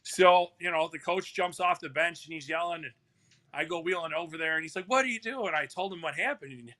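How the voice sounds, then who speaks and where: A man's voice: on the high side, fairly quick, pushed and bright. A man who works as a hockey referee, telling a story in casual chat with lots of fillers and restarts. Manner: rambling, full of "you know" fillers and restarts. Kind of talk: casual storytelling on a live talk show.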